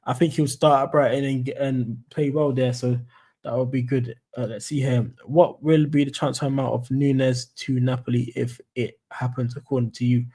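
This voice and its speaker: A man's voice: mid-range voice, flat delivery, normal speed, dark tone, breathy edge. A young man from London with a London accent, chatting casually on a football fan live stream in a rambling, friendly way. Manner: chatty, rambling, says "mate" and "you know what I'm saying".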